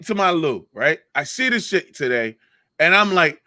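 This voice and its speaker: A man co-hosting a casual comedy podcast, ranting with lots of swearing and animated emphasis. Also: on the high side, moderate pace, dry recording, studio quality. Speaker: podcast co-host.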